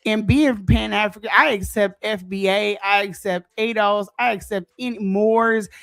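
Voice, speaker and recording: A woman's voice: mid-range voice, steady tone, normal speed, a bit bright, no room sound, soft background music. A woman in a debate, earnestly pressing her point. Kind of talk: heated online debate.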